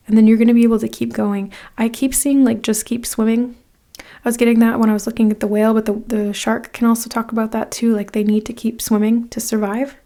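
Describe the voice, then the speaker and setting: A woman with a fairly high, mellow, warm voice gives a casual tarot reading. She rambles with plenty of fillers and restarts. She talks straight to the viewer in an encouraging, tough-love way. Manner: direct second-person encouragement. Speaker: tarot card reader.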